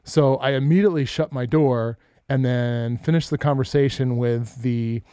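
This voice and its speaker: Telling stories on a podcast he co-hosts, this middle-aged man curses liberally and performs the quoted lines with animation. He speaks at normal speed in a mid-range voice that's clear and resonant, in clean studio sound with no room echo.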